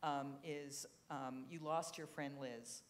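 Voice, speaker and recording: A woman interviewer on a live event stage, asking questions with frequent pauses and fillers. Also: deep voice, fairly even intonation, a little hiss or hum. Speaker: interviewer, books editor.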